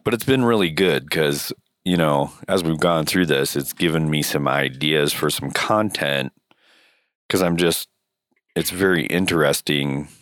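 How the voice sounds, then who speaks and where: Man with a very deep, cold-hoarse voice. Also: a little slow, a bit bright, no room sound, studio quality. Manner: rambling, joking. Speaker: podcast co-host. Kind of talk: casual chat.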